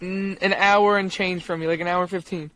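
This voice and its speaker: A young man co-hosting a podcast, chatting casually in a relaxed, rambling way with plenty of slang. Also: high voice, brisk. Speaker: podcast co-host. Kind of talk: casual chat.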